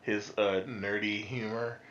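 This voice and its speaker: A man's voice: fairly low pitch, fairly even intonation, measured pace, a loud crowd. A man chatting casually on a stream, telling rambling stories and laughing often. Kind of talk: casual group chat. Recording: muffled lo-fi audio.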